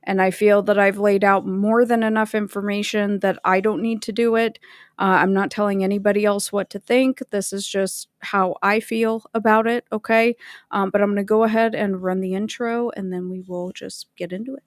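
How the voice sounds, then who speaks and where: A woman's voice: medium pitch, level tone, moderate pace, no echo, clean studio sound. A woman hosting a casual livestream, chatting and greeting viewers by name. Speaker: livestream host.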